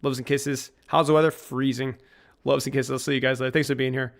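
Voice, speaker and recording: Male streamer, gravelly mid-range voice, loose jokey rambling with chat. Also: medium pitch, level tone, brisk. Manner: joking and rambling, laughs at his own lines. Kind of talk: casual live-stream chat with viewers.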